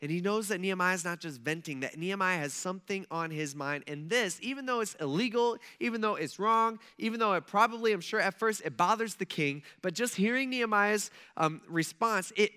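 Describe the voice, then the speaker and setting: A man's voice: high voice, a little fast, few pauses, pushed and bright, smooth. A man preaching a sermon in a conversational style, full of asides to his listeners. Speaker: pastor. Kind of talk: casual sermon.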